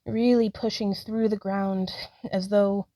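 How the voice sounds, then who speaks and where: A woman's voice: medium pitch, fairly even intonation, takes it slowly, mellow, no room sound, poor audio. A woman narrating her own yoga practice, talking through poses with frequent sighs, out of breath and upbeat as she encourages herself. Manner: breathy, sighing between cues. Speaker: yoga vlogger.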